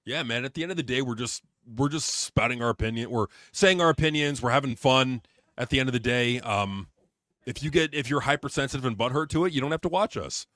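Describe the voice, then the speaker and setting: A man's voice: medium pitch, brisk, fairly bright tone, no echo, clean studio sound. A man co-hosting a casual podcast, ranting in a heated, profane way about wrestling. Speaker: podcast co-host.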